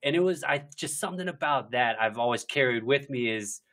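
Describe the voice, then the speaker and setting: A man, a filmmaker guest, chatting casually in an interview, telling animated stories and laughing often. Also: mid-range voice, a little fast. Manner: animated storyteller, laughs often, acts out quotes.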